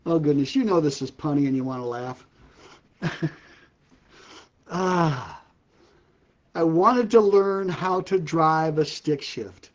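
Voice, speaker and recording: This older ministry host talks slowly with long pauses, his voice fairly high in pitch and lo-fi in quality. Running a casual live stream on a live-stream setup, he tells puns and keeps breaking into laughter at his own jokes.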